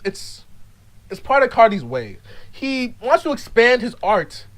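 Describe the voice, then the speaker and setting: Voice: very animated, a little slow, low-quality recording. Stammering mock-serious rambling vlogger. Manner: swings between loud outbursts and low mumbling. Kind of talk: rambling ironic monologue.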